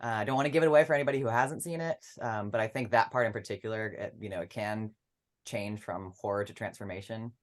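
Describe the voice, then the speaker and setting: An activist guest from Memphis, Tennessee, speaking earnestly and reflectively in a casual panel chat, with a few pauses. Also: mid-range voice.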